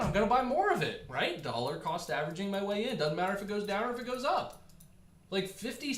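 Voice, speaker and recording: A man hosting a casual livestream, talking in a chatty, animated way and answering viewer comments while he slowly loses his voice. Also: a little high, roomy sound. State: losing his voice. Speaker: livestream host.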